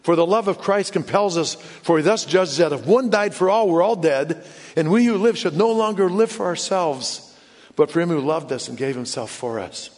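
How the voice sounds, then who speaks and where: A man preaching a sermon in an earnest way, often dropping to hushed low tones for emphasis. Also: expressive, normal speed. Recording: long hall reverb.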